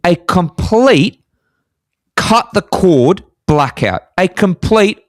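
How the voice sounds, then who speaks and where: A man, telling a lively story in casual podcast chat, his voice leaping up high for emphasis. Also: slow, no echo, studio quality. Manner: animated, jumps high in pitch for emphasis. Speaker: podcast co-host. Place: apartment in Scotland.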